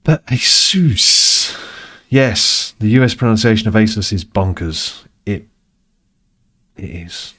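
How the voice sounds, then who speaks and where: A deep-voiced British man rambles through a casual gaming stream. He drifts from topic to topic, swears freely and hams up his irritation. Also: measured pace. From United Kingdom. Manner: rambling, swears, mock-exasperated. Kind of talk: casual chat while gaming.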